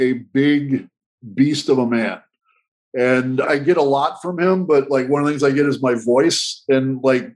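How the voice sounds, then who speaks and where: A man's voice: mid-range voice, low-quality recording. Candid man telling his story. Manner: earnest, candid, frequent restarts and repetitions. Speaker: guest. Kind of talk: reflective storytelling.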